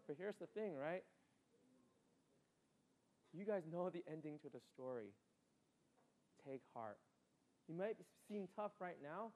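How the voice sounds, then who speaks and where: A man with a slightly higher voice preaches a sermon. He talks in a casual, conversational way and keeps asking "right?" to check in with the listeners. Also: unhurried, long pauses, low-quality recording. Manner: conversational, often asks "right?"; acts out his mother in a high excited voice. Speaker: pastor.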